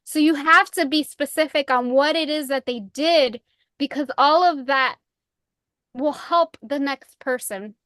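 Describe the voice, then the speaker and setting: High-voiced woman giving earnest advice. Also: unhurried, a bit bright, no room sound, studio quality. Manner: earnest, advising, with fillers. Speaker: podcast guest. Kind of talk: casual interview talk.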